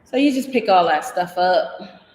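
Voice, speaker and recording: A woman's voice: on the low side, animated, measured pace, a little mellow. A woman hosting a casual livestream from her house, rambling chattily and reading viewer comments aloud. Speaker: DIY and design vlogger. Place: house interior in Mexico. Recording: echoey room with long reverb.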